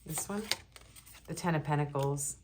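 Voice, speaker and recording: A woman with a fairly low voice chats her way through a pick-a-card tarot reading. She rambles, giggles often and leans on fillers as she goes. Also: moderate pace, background noise. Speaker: tarot reader.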